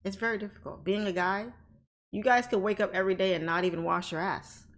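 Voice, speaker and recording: A woman's voice: mid-range voice, fairly even intonation, fast talker. A woman hosting a casual livestream off camera, talking bluntly and outspokenly, often breaking into laughter. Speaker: livestream host, trading educator. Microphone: off camera, desk mic.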